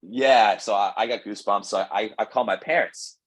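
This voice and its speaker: A young man's low, husky voice, relaxed and conversational. He rambles through a story in a casual interview, stacking fillers and slipping into quoted dialogue. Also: moderate pace, poor audio. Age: young adult. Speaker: pro baseball pitcher, guest.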